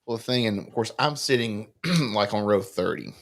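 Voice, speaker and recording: A man with a slightly low voice tells a story on a casual podcast. He carries it along, acting out the other people's lines. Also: moderate pace. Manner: animated anecdotal storyteller, acts out dialogue. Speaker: podcast co-host.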